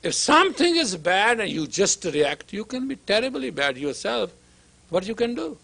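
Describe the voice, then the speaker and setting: A spiritual teacher addresses students in a high, creaky, sharp voice with a sing-song lilt at normal speed. He's emphatic and repetitive, plays out dialogue, and sometimes lowers to a whisper for effect.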